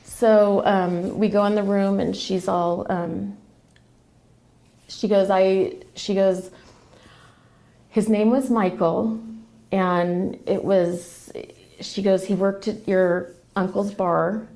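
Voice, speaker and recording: Woman with a gravelly, creaky voice. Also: medium pitch, little pitch movement, slow pace, dark tone. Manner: emotional, quotes others in a run of retold dialogue. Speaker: guest. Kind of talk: personal storytelling.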